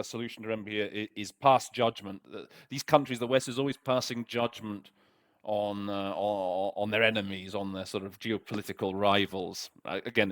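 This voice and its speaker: A man as host of an interpreting lesson, talking casually with lots of fillers and restarts as he walks through a text. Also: lowish voice. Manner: chatty, full of fillers and restarts. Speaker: interpreting tutor. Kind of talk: casual teaching breakdown.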